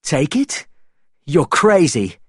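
A man's voice: a little high, sing-song, slow, fairly bright tone, husky, no echo, clean studio sound, pitched above the performer's own voice, heavily acted. A man reading aloud voices a desperate young blacksmith who speaks in a raised, pleading voice. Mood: eager.

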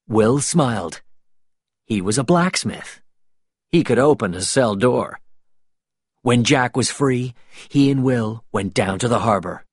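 A man narrating a storybook aloud in a slow, deliberate manner. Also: medium pitch, expressive, no echo, clean studio sound. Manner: slow, clear, deliberate reading.

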